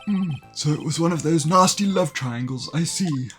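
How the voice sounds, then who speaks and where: A man's voice: fairly high pitch, moderate pace, a bit bright, voice pushed up, lightly acted. A man voicing a fussy old male courtroom judge while reading game dialogue aloud, calling for order in the court. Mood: puzzled. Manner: raises voice to call for order. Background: game music.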